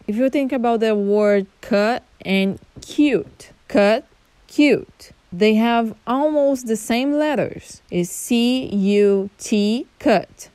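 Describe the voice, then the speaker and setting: A young Brazilian woman with a Brazilian accent, hosting a casual teaching podcast, chatty, laughing often and spelling words out slowly. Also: medium pitch, darkish tone, clean tone, no echo. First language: Portuguese. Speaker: podcast host.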